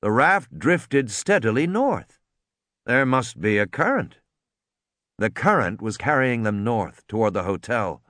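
A man narrating a story aloud, expressive, doing voices for the characters. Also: medium pitch, a little slow, no echo. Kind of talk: audiobook reading.

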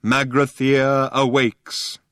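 A man voicing a weary, gentle old male alien planet-builder who speaks slowly and gravely. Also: mid-range voice, level tone, no echo, clean studio sound, voice pushed up. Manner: slow, grave, wistful.

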